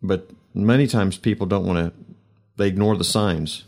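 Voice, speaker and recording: A man hosting a faith talk show, speaking in a reflective, preacherly way with many pauses. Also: deep voice, gravelly, a little mellow. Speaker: host.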